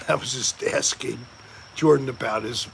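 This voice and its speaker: A man hosting a casual live stream, chatting slowly and joking while reading out viewer comments. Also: medium pitch, vocal fry, a little hiss or hum. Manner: slow, joking, reads chat aloud. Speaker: livestream host.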